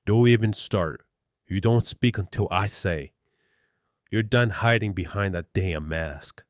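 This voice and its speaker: A man's voice: sits low, measured pace, darkish tone, no echo, studio quality. A man voicing a stern middle-aged police captain who barks orders. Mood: barking. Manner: barking, commanding.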